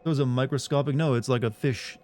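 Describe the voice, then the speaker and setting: A man's voice: mid-range voice, steady tone, fast talker, a little mellow. A man streaming a game who argues with his chat in a casual, sarcastic way, swearing freely and sounding incredulous.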